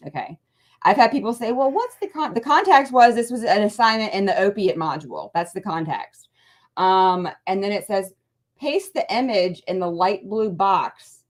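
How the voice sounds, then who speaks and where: A middle-aged woman chatting about politics as a guest, in a rambling way full of restarts and fillers. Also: medium pitch. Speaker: guest, parent advocacy co-founder. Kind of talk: casual political chat.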